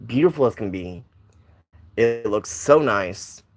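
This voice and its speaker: A man's voice: fairly low pitch, expressive, slow pace. A young man telling a personal story in a casual, rambling way, with lots of restarts and side notes. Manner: rambling, with many restarts and asides.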